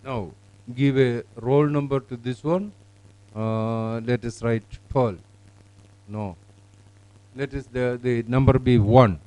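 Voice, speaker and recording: A man presenting teaching software, talking in a halting way with many fillers. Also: medium pitch, fairly even intonation, clean tone, dry recording, low-quality recording. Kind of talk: product demonstration.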